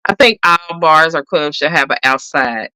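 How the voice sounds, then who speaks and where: A woman co-hosting a casual chat, animated and laughing often. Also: low-pitched, normal speed, dry recording, low-quality recording. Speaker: podcast co-host.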